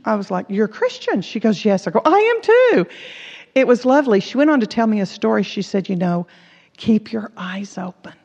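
A woman's voice: mid-range voice, brisk, darkish tone, breathy edge. A woman preaching a sermon, earnestly telling personal stories and acting out the dialogue in them. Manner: earnest, acts out quoted dialogue. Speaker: Bible teacher. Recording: echoey hall, dull lo-fi sound.

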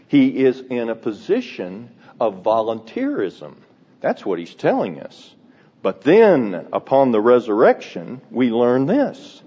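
Older male pastor preaching in a church, slow deliberate delivery, mellow tone, dull recording with long hall reverb. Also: mid-range voice. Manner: emphatic, swings from loud stresses to quiet asides. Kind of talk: expository sermon.

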